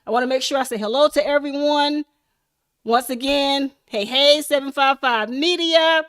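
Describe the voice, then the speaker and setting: A woman hosting a casual livestream, chatting and laughing with viewers in an animated, hyped-up way. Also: high-pitched, moderate pace. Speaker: livestream host.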